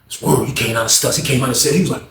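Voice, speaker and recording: A man telling a story in casual talk, acting out each person with loud raised voices and dropping to hushed asides. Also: medium pitch, rapid-fire, echoey room.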